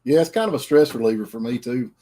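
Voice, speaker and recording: A man's voice: mid-range voice, expressive, fast, background noise. A middle-aged man hosting a casual livestream chat, folksy and rambling. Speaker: host.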